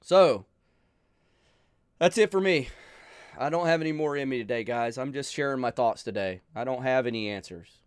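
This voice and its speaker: A man hosting a channel, talking earnestly and emotionally to his viewers, pleading with them, sighing and pausing as he speaks. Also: medium pitch, smooth, no room sound, clean studio sound. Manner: emotional, pleading, with sighs and pauses. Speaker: channel host. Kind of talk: earnest heartfelt talk to viewers.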